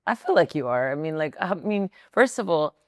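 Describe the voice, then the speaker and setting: Low-voiced chatty woman podcast host. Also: very animated, normal speed, a little mellow, no echo, studio quality. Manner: chatty, giggly, filler-heavy. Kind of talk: casual interview chat.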